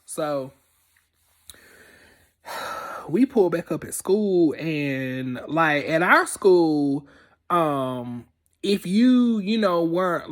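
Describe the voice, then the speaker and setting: A man's voice: on the high side, a bit bright. A young man casually telling a story from his college days, laid-back and full of fillers. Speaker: storyteller host.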